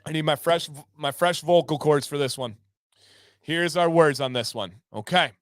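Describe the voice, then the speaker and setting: An upbeat man hosts a casual livestream from home, reading out viewer comments and breaking into loud whoops. His voice sits high and comes across smooth and clean. The sound is close and dry, with no room around it. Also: normal speed, dry recording. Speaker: livestream host.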